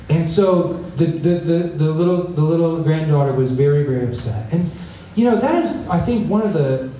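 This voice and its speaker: A man's voice: a little high, normal speed, warm tone, a little hiss or hum. Man preaching in a roomy hall. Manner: conversational preaching with frequent "right?" asides. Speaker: pastor. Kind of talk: sermon. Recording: echoey room, voice from a distance.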